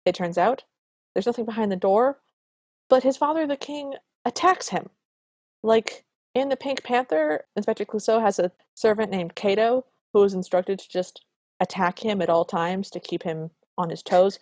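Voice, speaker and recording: A woman co-hosting a podcast, retelling a film scene by scene in a lively, opinionated way. Her voice sits at a medium pitch. The sound is close and dry, with almost no room in it. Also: moderate pace, dry recording. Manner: animated, opinionated storytelling. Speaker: podcast co-host. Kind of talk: casual chat recapping a film.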